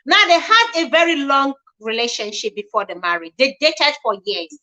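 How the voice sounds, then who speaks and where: A woman's voice: high-pitched, animated, moderate pace, pushed and bright, low-quality recording. A woman hosting a chatty livestream, reading posts aloud, commenting on them and greeting viewers by name. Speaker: livestream host.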